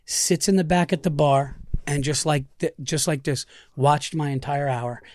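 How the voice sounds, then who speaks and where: A man with a slightly high voice tells loose, rambling stories in casual conversation. He restarts his sentences often and keeps circling back. The sound is close and dry. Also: normal speed, a little mellow, no room sound. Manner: rambling storyteller, many restarts. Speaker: stand-up comedian. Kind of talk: casual podcast chat.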